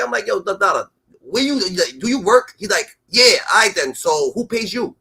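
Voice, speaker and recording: A man's voice: sits high, sing-song, moderate pace, vocal fry, sharp tone, husky. A man hosting a livestream, rambling through street commentary with "da, da, da" fillers. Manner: rambling, fills with "da, da, da". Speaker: livestream host.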